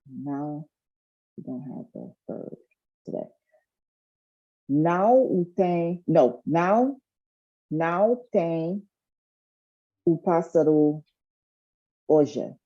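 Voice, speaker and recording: Woman language student, slow and hesitant, dull lo-fi audio. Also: low-pitched. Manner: hesitant, thinking aloud.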